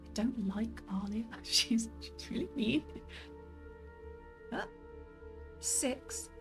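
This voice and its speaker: A woman's voice: on the high side, slow, vocal fry, long pauses, faint music behind. A woman streaming a game, chatting casually in a rambling, self-deprecating way. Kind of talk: casual gameplay commentary.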